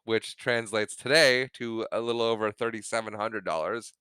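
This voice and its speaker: A man with a bright, crisp, smooth voice recaps a film on a podcast, laughing often and slipping into quick acted-out lines of dialogue. The recording is dry and close to the mic, with no room sound. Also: on the low side, steady tone, no room sound. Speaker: podcast co-host. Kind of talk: casual movie recap chat.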